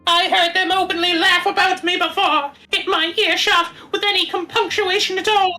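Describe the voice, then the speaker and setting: Woman playing a young male student, paranoid and clingy; very high, sharp delivery. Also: flat delivery, moderate pace, soft background music, poor audio. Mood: bitter. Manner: anxious, self-pitying, clingy. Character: despairing young male foreign student accused of murder. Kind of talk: reading a visual novel aloud.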